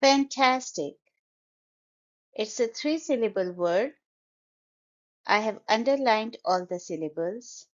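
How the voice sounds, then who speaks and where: A woman teaching English vocabulary at an unhurried pace, sounding out each word syllable by syllable. Her voice sits in a middle pitch, and the recording is slightly dull and lo-fi. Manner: slow, careful, syllable-by-syllable pronunciation. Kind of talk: pronunciation lesson.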